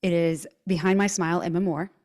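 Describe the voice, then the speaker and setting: A woman's voice: lowish voice, fairly even intonation, fairly quick, a little mellow. Bubbly Southern woman host. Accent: Southern US twang. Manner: bubbly, effusive, gushing. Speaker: podcast host. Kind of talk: casual interview chat.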